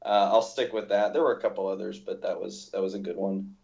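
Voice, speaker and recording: A man from Central Kentucky joining a movie podcast as guest, halting with restarts. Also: low voice, little pitch movement, creaky, darkish tone. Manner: halting, restarts, laughs at others. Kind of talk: casual movie discussion. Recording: dull lo-fi audio.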